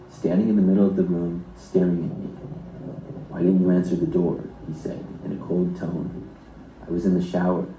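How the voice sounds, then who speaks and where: Deep-voiced man narrating a horror story. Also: creaky, mellow, a little hiss or hum. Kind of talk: scripted first-person narration. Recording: roomy echo.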